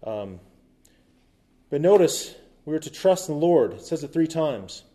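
Mellow-voiced pastor preaching. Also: male voice, a little high, sing-song, measured pace. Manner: conversational preaching with asides and quips; reads scripture aloud with emphasis. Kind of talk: sermon.

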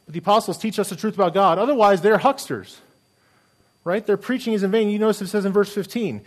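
A man's voice: high-pitched, fast. A middle-aged man, a pastor, preaching a sermon earnestly and emphatically, with many rhetorical questions.

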